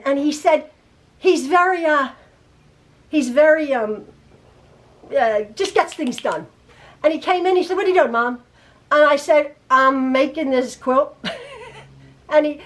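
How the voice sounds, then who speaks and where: A middle-aged woman teaching quilting from her home sewing room, chatting casually and stammering and repeating herself as she goes. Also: high-pitched. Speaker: quilting teacher and channel host. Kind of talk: rambling casual chat and sewing tutorial.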